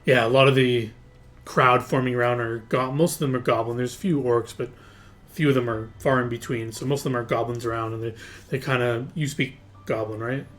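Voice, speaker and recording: A man's voice: medium pitch, fairly even intonation, a little fast, a bit bright. A man running a tabletop game as game master, narrating casually with lots of fillers. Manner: casual, loose, full of fillers and hedges.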